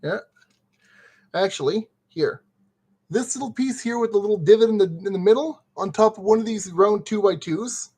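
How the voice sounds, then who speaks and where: A man's voice: high-pitched, normal speed, dark tone, breathy edge. A man streaming casually and talking himself through a brick-kit build step by step. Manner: chatty, talks himself through each step.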